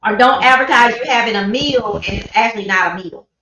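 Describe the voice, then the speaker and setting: A woman hosting a casual live-stream chat, telling animated stories and mimicking people as she goes. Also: on the high side, fairly quick, crowd noise. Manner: animated storyteller, mimics people, laughs often. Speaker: host. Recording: echoey, dull livestream audio.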